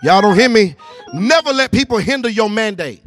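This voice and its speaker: A man preaching a sermon. He uses call and response and repeats lines, moving from low, quiet passages to shouted, sing-song peaks. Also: lively intonation, normal speed, faint music behind. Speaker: pastor.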